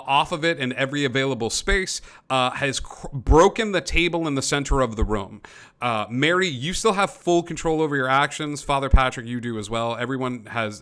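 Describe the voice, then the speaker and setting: A man's voice: mid-range voice, sharp tone, smooth. A man narrating as game master for a tabletop game over a call, descriptive and full of fillers and restarts.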